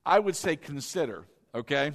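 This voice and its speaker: A man's voice: a little high, expressive, normal speed, vocal fry, long reverb tail. A male pastor preaching a sermon, emphatic and repetitive, calling on the congregation to say lines back. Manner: emphatic, repeats questions and has the congregation repeat lines.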